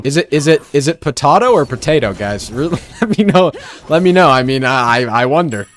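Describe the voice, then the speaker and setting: A man's voice: on the high side, lively intonation, brisk. A young man giving casual, sarcastic gameplay commentary, joking and trash-talking his teammates. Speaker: gaming streamer.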